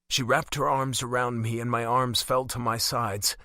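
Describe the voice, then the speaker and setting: A man's voice: mid-range voice, little pitch movement, normal speed, few pauses, sharp tone, no room sound, studio quality. A man reading a fantasy romance audiobook in first person, with dramatic, emotionally charged delivery. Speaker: audiobook narrator. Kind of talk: first-person scripted narration.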